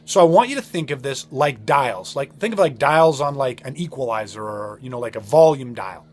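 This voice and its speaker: A man's voice: mid-range voice, expressive, normal speed. A man hosting a podcast, talking in an earnest, emphatic way, often repeating words as he explains. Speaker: podcast host. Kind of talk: motivational podcast talk.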